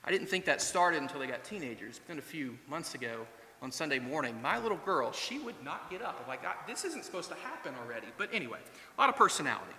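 A man's voice: fairly high pitch, pushed and bright. A man in his thirties preaching a sermon to his congregation, speaking in an earnest, conversational way and asking rhetorical questions. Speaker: pastor. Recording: echoey church hall.

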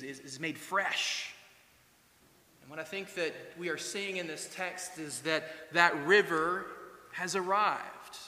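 A man's voice: high-pitched, sharp tone. A man in his thirties preaching a sermon to his congregation, speaking in an earnest, conversational way and asking rhetorical questions. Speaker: pastor. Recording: echoey church hall.

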